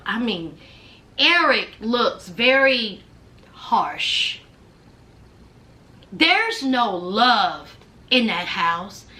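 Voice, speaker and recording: Animated woman recapping with sass. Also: high-pitched. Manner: retells scenes by acting out both sides, sassy asides, drawled phrases. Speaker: reality TV recap host. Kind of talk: casual episode recap and commentary.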